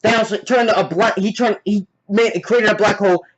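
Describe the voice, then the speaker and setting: A man with a slightly high voice retells movie scenes as eager play-by-play, dropping in sound effects as he goes. It is a casual spoken review. The recording is dull and lo-fi. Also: steady tone, moderate pace.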